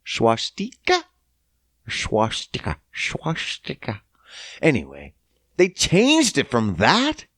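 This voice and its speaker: A man's voice: mid-range voice, no echo, studio quality. A man from Canada hosting a podcast, ranting in a casual, profane, incredulous and sarcastic way. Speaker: podcast host. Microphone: podcast mic.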